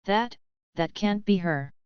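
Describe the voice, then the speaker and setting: A woman's voice: medium pitch, animated, takes it slowly, clean tone, dry recording, lo-fi sound. A woman voicing a tense male police officer who mutters under his breath, in a story reading.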